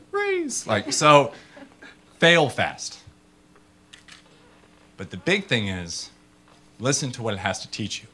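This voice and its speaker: A man gives a casual, animated talk to an audience, full of fillers and acted-out voices. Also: medium pitch. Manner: animated storyteller, acts out people in funny voices. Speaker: startup founder giving a talk.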